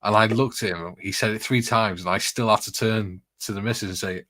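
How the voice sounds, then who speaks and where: Bloke with a lowish voice rambling through stories, dry close sound. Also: male voice, fairly even intonation, fairly quick, sharp tone, no echo. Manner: chatty, rambling anecdotes with frequent laughs. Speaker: host reading viewer comments. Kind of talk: casual chat.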